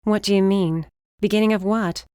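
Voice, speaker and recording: A woman voicing a hot-tempered young bounty hunter who talks sharp, loud and demanding. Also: mid-range voice, steady tone, moderate pace, clear, resonant tone, no room sound, clean studio sound, lightly acted. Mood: alarmed.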